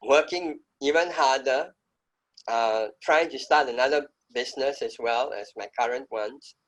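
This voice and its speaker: A man's voice: medium pitch, measured pace, fairly bright tone, rough recording. A middle-aged man speaking as an interview guest, telling his story in an emphatic, reflective way. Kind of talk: conversational interview.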